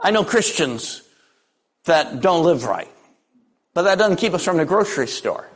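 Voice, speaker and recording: A man's voice: fairly high pitch, very animated, measured pace, breathy edge. An older man preaching a sermon, telling folksy stories with dry humor. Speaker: pastor.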